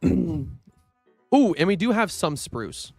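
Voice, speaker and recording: A young man with a high, light voice talks through a game stream in a loose, rambling way. He swears freely and trails off into fillers, and the sound is dry and close with soft music underneath. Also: very animated, takes it slowly, dry recording. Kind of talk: casual gaming livestream chat.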